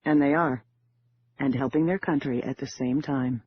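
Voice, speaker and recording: A man's voice: mid-range voice, steady tone, normal speed, lo-fi sound, a little hiss or hum, natural voice. A man voicing a cool, confident con woman. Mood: self-assured. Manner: smooth, self-assured. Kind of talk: audiobook character voice.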